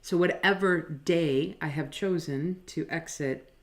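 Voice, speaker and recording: A woman co-hosting a casual spiritual chat at home, animated and quick to laugh, who works as a channeler. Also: sits low. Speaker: channeler and co-host. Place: home table.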